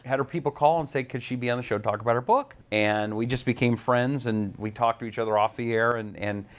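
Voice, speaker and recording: A man who hosts a radio talk show, telling animated anecdotes as a guest in an interview and acting out the voices he quotes. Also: mid-range voice, fast. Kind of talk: storytelling in an interview.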